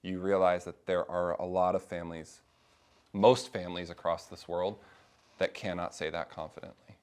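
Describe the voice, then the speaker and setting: This middle-aged man's voice sits low, and he talks at normal speed. He leads a small faith discussion class in a relaxed, lively way, giving each person he quotes their own acted-out voice.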